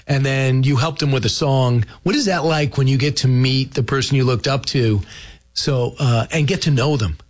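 A man hosting a radio talk show, in a mid-pitched, ordinary voice. He puts earnest, leading questions to his guest and sums up answers. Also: moderate pace. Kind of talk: interview.

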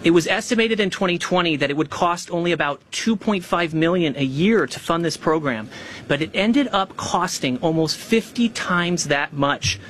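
A man speaking as a government official at a press conference, reading a formal statement in a measured, emphatic way. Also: on the high side, expressive, fairly bright tone, a little hiss or hum.

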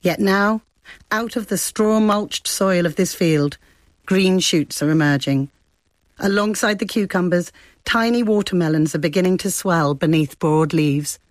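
Woman, low voice, dry close sound, measured scripted radio report. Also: no room sound. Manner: measured, descriptive storytelling. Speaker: foreign correspondent.

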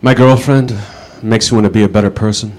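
A man doing stand-up one-liners with dry, deadpan punchlines. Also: lowish voice, a little fast, faint music behind. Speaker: stand-up comedian.

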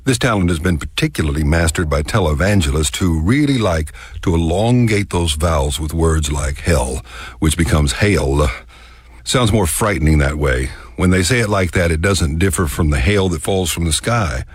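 A man's voice: low voice, lively intonation, breathy edge, no room sound. A man from Texas with a Texas accent, telling a scripted radio story in a folksy way and drawing out words to show them. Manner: folksy, drawn-out demonstration of words.

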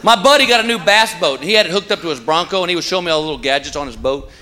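A man doing a stand-up comedy routine, telling stories and landing punchlines in an animated way. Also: on the high side, rapid-fire, background noise. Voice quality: animated storyteller, punchline delivery. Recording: live club, loud audience. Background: crowd laughter.

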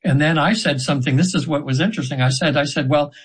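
Older man, 70s, husky, a bit high-pitched, earnest, meandering storyteller, interview guest. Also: fast talker, low-quality recording. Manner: earnest, meandering, many restarts. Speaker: hypnotherapy practitioner, guest.

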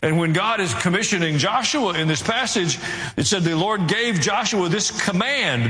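Earnest preacher in a reverberant hall. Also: male voice, animated, unhurried, sharp tone. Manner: earnest, rising in pitch and intensity, dry asides. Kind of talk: sermon.

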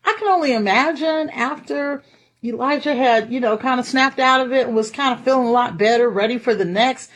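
A woman preaching a lively, conversational sermon and often laughing as she speaks. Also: a little high, a little fast.

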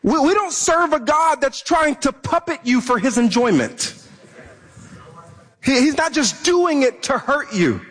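A man's voice: extremely high pitch, very animated, measured pace, a bit bright. A man preaching a sermon as a pastor, impassioned and often repeating words as he presses a point.

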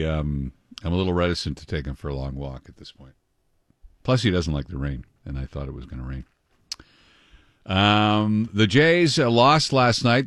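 A man hosts a morning radio show in a very low voice. He chats in a loose, rambling way and reads out weather and news items. His voice is close-miked and dry. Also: dry recording. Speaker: radio host. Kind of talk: casual morning radio chat.

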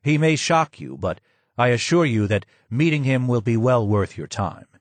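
A man's voice: mid-range voice, very animated, normal speed, no room sound. A man voicing a courteous male guide who speaks in a polite, formal and earnest way.

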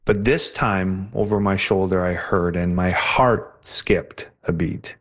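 Man, interview guest, earnest testimony, lowish voice. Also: a bit bright. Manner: earnest, halting, with restarts. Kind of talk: personal testimony storytelling.

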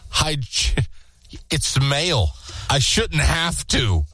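A man co-hosting a radio show, reacting to the news with jokes and quick laughs in casual studio chat. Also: fairly high pitch, lively intonation, pushed and bright, husky, dry recording. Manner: reactive, joking, laughs often. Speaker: radio co-host.

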